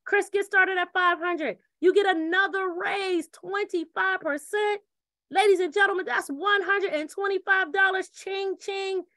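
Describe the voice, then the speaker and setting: A woman delivers a lively sales presentation in a very high, bright voice. The recording is dry and close. She acts out quick back-and-forth scenes and repeats her catchphrases. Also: no echo. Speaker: presenter pitching a referral program. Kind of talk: energetic sales pitch.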